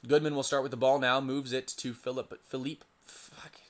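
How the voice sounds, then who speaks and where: Young guy doing casual play by play, mid pitched voice, trips over names and mutters to himself. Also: little pitch movement, a little fast. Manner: stumbles over player names and mutters asides. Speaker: play-by-play commentator for a simulated lacrosse league. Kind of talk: casual solo game commentary.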